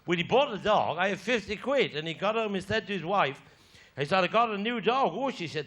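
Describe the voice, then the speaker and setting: A man with a Cornish accent and a high-pitched, animated, brisk voice tells ribald rural stories as a stand-up comedian on a theatre stage. He puts down hecklers, and the live show is loud with audience laughter and noise.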